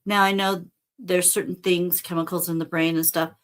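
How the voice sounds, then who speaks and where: A woman's voice: on the low side, little pitch movement, normal speed. A middle-aged woman hosting a casual spiritual talk, speaking earnestly and conversationally and addressing her listeners directly. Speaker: spiritual teacher and host.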